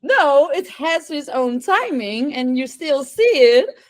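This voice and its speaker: Female podcast host, enthusiastic, slightly high voice and unhurried delivery. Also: big pitch swings. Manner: enthusiastic, responds with repeated "wow" and laughter. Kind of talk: casual interview talk.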